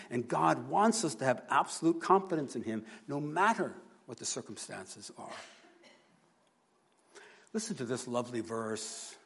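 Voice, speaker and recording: A man preaching a sermon, earnest, moving between hushed and emphatic delivery. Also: medium pitch, slightly rough. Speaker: pastor.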